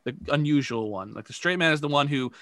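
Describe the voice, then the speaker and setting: A man's voice: on the high side, quick pace, fairly bright tone, no echo, clean studio sound. Rambling man running improv practice. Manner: rambling explanations, many restarts. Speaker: improv teacher. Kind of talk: casual improv practice chat.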